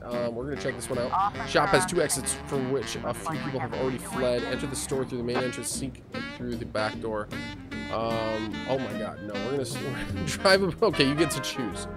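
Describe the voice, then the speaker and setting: A man streams a game with game music playing behind him, his mid-range voice brisk as he chats casually. He reads the game text aloud and asks viewers to help him make decisions.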